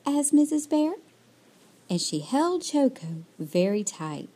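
A woman reading a children's picture book aloud, slowly and expressively. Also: medium pitch, very animated, warm tone. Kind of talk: storybook read-aloud.

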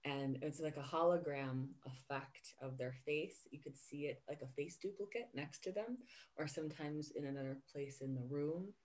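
A woman hosting a podcast, talking earnestly and warmly in a casual interview chat. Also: sits low, moderate pace. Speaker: podcast host.

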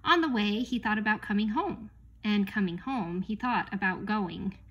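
A woman's voice: medium pitch, lo-fi sound. Woman reading a children's book aloud. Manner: unhurried, expressive read-aloud pacing. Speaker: audiobook reader. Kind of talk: storybook narration.

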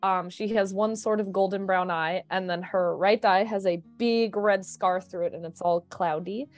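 A woman's voice: medium pitch, fairly even intonation, normal speed, dry recording, faint music behind. A woman playing a tabletop game, playful and describing her character at length with many fillers. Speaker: player. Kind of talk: casual tabletop game chat.

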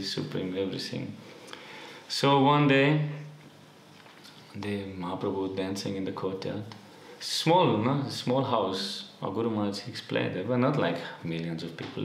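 A man giving a devotional lecture and telling stories, in unhurried non-native English with halting restarts. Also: on the low side, creaky, echoey room, a little hiss or hum. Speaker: spiritual teacher.

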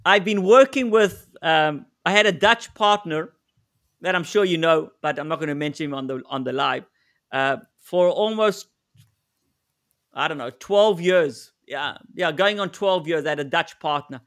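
A man co-presenting a live webinar, telling stories in an animated way and laughing often. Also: on the high side, normal speed. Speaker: co-presenter, negotiation expert.

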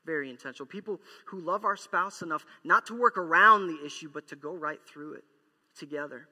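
A man's voice: on the high side, fairly quick, pushed and bright, breathy edge. A male pastor preaching a sermon, emphatic, repeating key lines and acting out quoted apologies. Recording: long church hall reverb.

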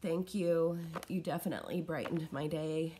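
Low-voiced woman gushing over fan mail. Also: fairly even intonation, moderate pace, dark tone, breathy edge. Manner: chatty and scattered, gushing over small items. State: unwell, coughing and short of breath. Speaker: craft vlogger opening fan mail. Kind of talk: casual unboxing chat. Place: at home in her living room.

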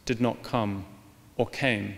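A man reading from his book to an audience in a measured, deliberate way. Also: on the low side, fairly even intonation, gravelly. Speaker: author giving a talk. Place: large hall with long reverb. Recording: live talk in a reverberant hall.

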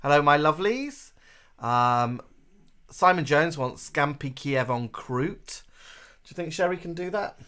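A man co-hosting a livestream chats casually and camply, reading out viewer names and greeting them. His voice is on the high side, animated and pushed-bright, clear and resonant, at a measured pace.

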